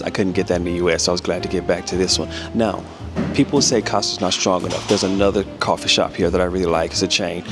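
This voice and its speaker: Chatty low-voiced American man. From United States. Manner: chatty, repeats words as he thinks aloud. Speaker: family travel vlogger. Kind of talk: casual vlog chat.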